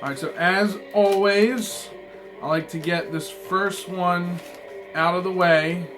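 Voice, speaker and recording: A man reviewing trading cards in a casual vlog, rambling and swearing, swinging between mumbled asides and excited outbursts. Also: high-pitched, slow pace, over music. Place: apartment room.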